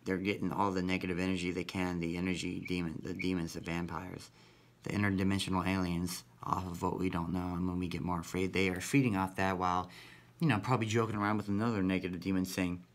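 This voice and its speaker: Low voiced guy rambling on camera, says man every line, kinda sweary. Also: level tone, fast talker. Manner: rambling, repeats "man" constantly; profane, conspiratorial. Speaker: vlogger. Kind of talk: rambling monologue.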